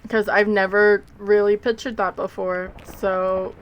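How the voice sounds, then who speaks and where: A woman's voice: mid-range voice, flat delivery, measured pace, highs cut off, a little hiss or hum. A woman streamer talking casually to her viewers while she plays, rambling and sleepy, yawning between remarks. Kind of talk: casual live gameplay commentary.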